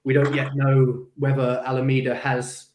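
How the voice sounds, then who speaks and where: Measured man in a roomy space. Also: medium pitch, completely flat delivery, darkish tone, a little hiss or hum. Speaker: guest, company CEO. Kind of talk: casual crypto livestream chat.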